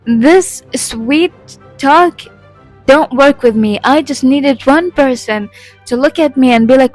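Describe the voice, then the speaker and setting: A woman's voice: high voice, measured pace, faint music behind, low-quality recording. A young woman telling a storytime vlog, rambling, swearing and laughing at herself. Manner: rambling, profane and self-deprecating, laughing often. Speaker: vlogger.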